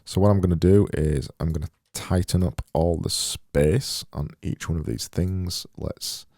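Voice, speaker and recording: A man with a deep, mellow voice rambles through a livestream of his design work. He talks slowly and mutters to himself, often mocking himself. The sound is close and dry. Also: no echo. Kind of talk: thinking-aloud livestream commentary.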